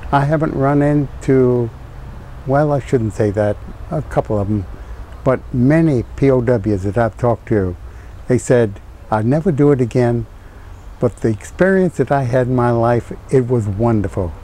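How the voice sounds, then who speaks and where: An older man speaks in a mellow, warm tone, cheerful and reflective as he answers interview questions. Faint noise sits in the background. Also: mid-range voice, a little slow, poor audio. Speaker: interviewee, former POW pilot.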